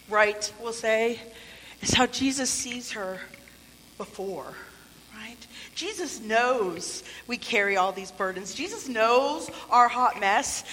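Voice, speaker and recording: A woman's voice: fairly high pitch, a bit bright, slight background noise. A woman preaching a sermon in a church, conversational and playful, with asides and acted-out quotes. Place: church sanctuary. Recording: long hall reverb.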